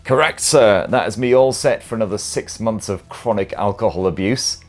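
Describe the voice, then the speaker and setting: A man with a lowish voice hosts a casual tech news podcast. He delivers rumours and viewer comments with cheeky, sweary, self-mocking banter, while faint music plays underneath. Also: normal speed. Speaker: tech show host.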